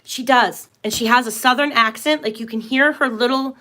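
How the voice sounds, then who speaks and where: A woman's voice: a little high, normal speed, sharp tone. A woman hosting a tarot and astrology livestream, talking casually in an earnest, emphatic way, rambling and restarting her sentences often.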